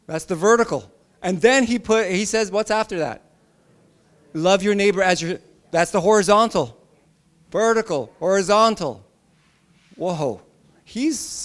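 A male pastor preaching a sermon with emphatic repeats and joking asides. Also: high voice.

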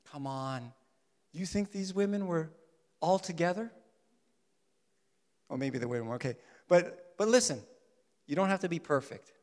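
A male pastor preaching a sermon, swinging from loud declarations to soft, quiet urging. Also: on the high side, lively intonation, moderate pace, long pauses. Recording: long hall reverb.

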